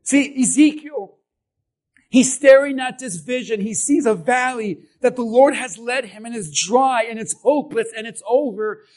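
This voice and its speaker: Very high-voiced guy preaching, shouts then drops low, keeps asking the church stuff. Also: normal speed. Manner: impassioned preaching, swings from shouts to quiet; asks the congregation questions. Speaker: pastor. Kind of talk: sermon.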